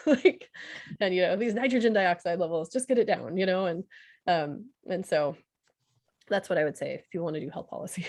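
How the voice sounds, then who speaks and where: A woman ICU doctor giving a casual, chatty talk full of fillers and quick laughs, over a video call. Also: lowish voice, darkish tone, no room sound, clean studio sound.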